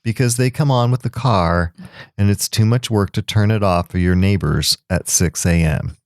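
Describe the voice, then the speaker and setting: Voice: sits low, normal speed, dry recording, studio quality. A podcast co-host making wry remarks in a casual chat.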